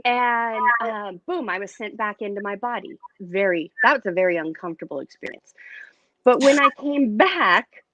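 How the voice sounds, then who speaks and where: A woman's voice: mid-range voice, moderate pace, no echo. Woman telling her story on a dull dry line. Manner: candid and expressive, lively retelling. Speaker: guest, metaphysician. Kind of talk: casual interview storytelling.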